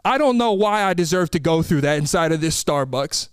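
A young man telling comic stories in exasperated, rapid rants, acting out what people said. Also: fairly high pitch, animated, clear, resonant tone, dry recording. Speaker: storyteller. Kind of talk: comedic storytelling.

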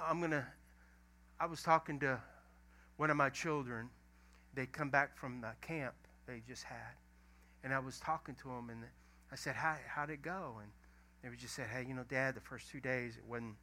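A middle-aged male pastor with a medium-pitched voice preaches in a folksy storytelling style, swinging from loud emphasis down to a hushed near-whisper.

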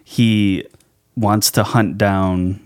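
Man, low voice, playful podcast guest, dry close sound. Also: fairly even intonation, extremely slow, darkish tone, clear, resonant tone, no echo. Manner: playful, laughs often, dips into impressions. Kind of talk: casual chat.

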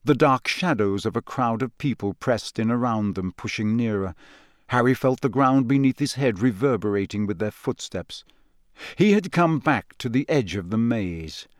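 A male audiobook narrator reads in a measured, steady voice of middle pitch. The recording is close and dry, with no room sound. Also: no echo. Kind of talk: scripted narration.

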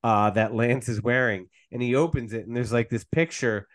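A man's voice: medium pitch, moderate pace. A man co-hosting a casual podcast, retelling events in a loose, rambling way with many fillers. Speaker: podcast co-host. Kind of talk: casual chat.

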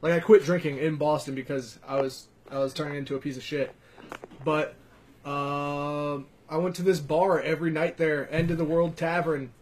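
A man's voice: fairly high pitch, fairly even intonation, normal speed, a little mellow, low-quality recording. A man from Virginia telling stories in a loose, profane podcast chat, full of fillers. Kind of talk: casual chat.

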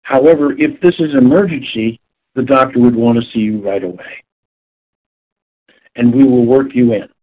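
A man who is a chiropractor, speaking as an interview guest in an animated way and acting out phone scripts. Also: mid-range voice, normal speed, pauses often, low-quality recording. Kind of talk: conversational interview.

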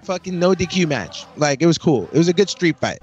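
A man's voice: fairly high pitch, lively intonation, brisk, darkish tone, highs cut off. A man in casual podcast chat, laid-back and joking, who swears casually. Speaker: podcast co-host.

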